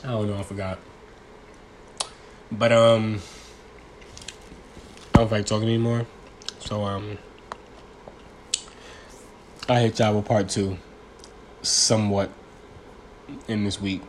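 A man's voice: fairly low pitch, level tone, measured pace, long pauses, slight background noise. Rambling young man, casual slang. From New York. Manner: loose, rambling, slangy talk with laughs. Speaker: vlogger. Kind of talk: casual chat.

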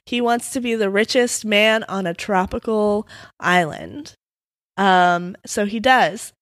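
A woman co-hosting a podcast, sleepily retelling folk tales and padding them with fillers. Her voice sits at an ordinary pitch for a woman, and the recording is dry and close. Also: slow pace, no echo. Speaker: podcast co-host. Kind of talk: casual storytelling chat.

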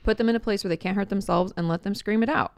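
A woman therapist on a podcast, explaining calmly and reassuringly in casual chat. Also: medium pitch, fast, gravelly, no echo. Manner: calm, explanatory, gently reassuring. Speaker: therapist guest.

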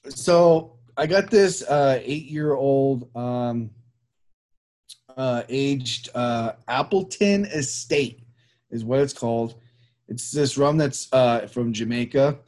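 A man hosts a relaxed chat show, rambling from one thought to the next. His pitch sits in a middle range, and his speech is full of fillers and restarts. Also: slow pace. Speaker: show host. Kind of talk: casual chat.

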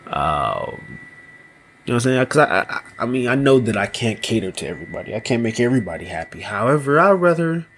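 A man hosting a solo podcast, talking slowly and loosely, often asking "you know what I mean". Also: medium pitch, sing-song, a bit bright, slight background noise. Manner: slow, thoughtful delivery with small laughs. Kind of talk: casual solo podcast monologue.

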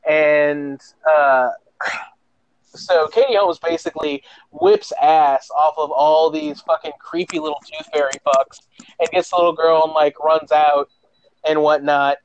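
A man casually recapping a horror movie plot in a profane, animated way, acting out the characters as he goes. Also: on the high side, a little slow. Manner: profane, animated storyteller, acts out quotes. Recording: dull dry lo-fi sound.

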